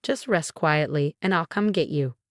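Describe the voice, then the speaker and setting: A woman voicing a cold, snobbish older mother-in-law who talks smoothly and dismissively. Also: low-pitched, moderate pace, no echo, studio quality, lightly acted.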